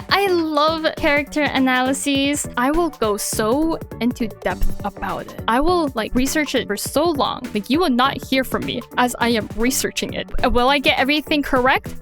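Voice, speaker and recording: A woman introducing herself to viewers in a casual, rambling way, giggling and correcting herself as she goes. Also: high voice. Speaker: VTuber debuting her channel. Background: soft background music.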